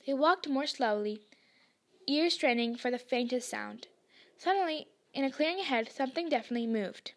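High-voiced woman reading a story. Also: expressive, normal speed. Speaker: podcast reader. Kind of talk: audiobook narration.

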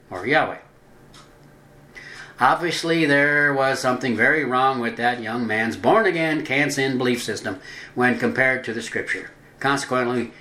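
A man's voice: mid-range voice, pushed and bright. Man reading religious teaching in a roomy echo. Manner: deliberate, drawing out stressed words. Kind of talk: scripted religious narration.

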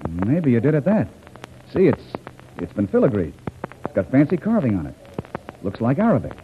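A confident hunter hero who talks in a brisk, reassuring way. His voice moves with lively pitch, in 1940s radio-acting style. The old broadcast sounds thin and tinny, with loud hiss. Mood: curious.

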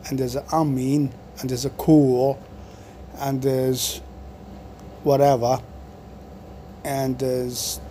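A man's voice: medium pitch, flat delivery, takes it slowly, pauses often, warm tone, slight background noise. A man in his forties, talking to camera in a meandering monologue full of fillers and restarts. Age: 40s. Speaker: video blogger.

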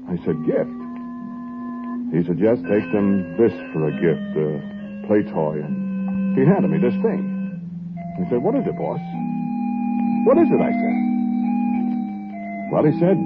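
Tell it as an earnest, indignant angel messenger: folksy drawl, lively rises and falls, with loud organ music behind. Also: male voice, deep voice. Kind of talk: 1940s radio drama narration. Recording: tinny old radio broadcast, loud music.

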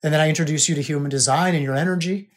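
A man's voice: fairly high pitch, steady tone, rapid-fire. A man hosting a podcast as a coach, teaching in an emphatic, repetitive way. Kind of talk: spiritual coaching monologue.

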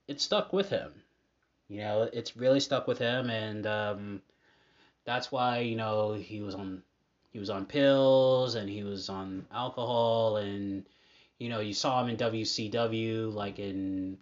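A man hosting a podcast, talking casually in a halting way with many fillers and restarts. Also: fairly low pitch. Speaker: podcast host. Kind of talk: casual monologue. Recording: dull lo-fi audio.

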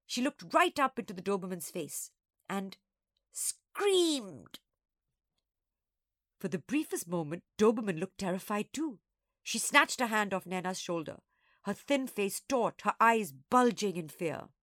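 A woman storyteller reading a children's story aloud, expressive and acting out each character. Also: mid-range voice, moderate pace, no room sound, clean studio sound.

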